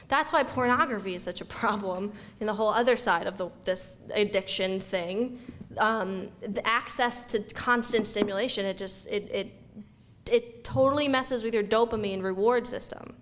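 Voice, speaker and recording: A woman giving an energetic, conversational talk to an audience, acting out everyday reactions as she goes. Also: fairly high pitch, moderate pace, slight background noise. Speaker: speaker giving a talk on youth mental health. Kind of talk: lively lecture to an audience. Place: event room before an audience.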